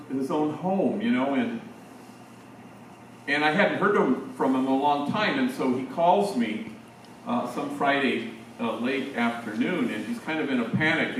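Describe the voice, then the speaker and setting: A man's voice: medium pitch, slight background noise. An older man, a priest, tells stories to a room of teachers in an easy, conversational way. His voice comes from a distance and rings through a very echoey hall. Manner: conversational, anecdotal with slang asides. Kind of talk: storytelling talk to teachers.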